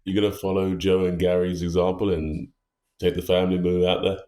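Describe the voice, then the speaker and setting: A man's voice: sits low, little pitch movement, fairly quick, dark tone. A man hosting a podcast, dropping short teasing interjections in casual chat. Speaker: podcast host.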